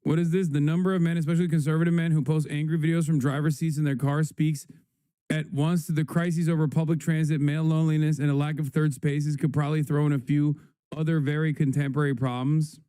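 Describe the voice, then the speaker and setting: Sarcastic swearing male streamer, dark voice. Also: fairly high pitch, level tone, fast, clear, resonant tone, no echo, studio quality. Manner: sarcastic, exasperated, swears a lot. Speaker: live streamer reacting to clips. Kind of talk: casual profane commentary.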